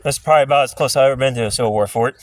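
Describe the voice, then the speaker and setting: Rattling off words rapidly in a mid-range voice, a man from central Pennsylvania hosts a casual history walking-tour vlog on a hilltop park outdoors. He's chatty and jokey, rambling loosely as he goes.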